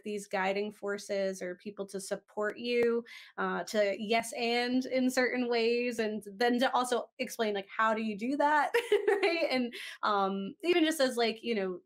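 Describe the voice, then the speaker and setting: A woman moderating a panel chat, agreeing and laughing along before passing the floor. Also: on the high side.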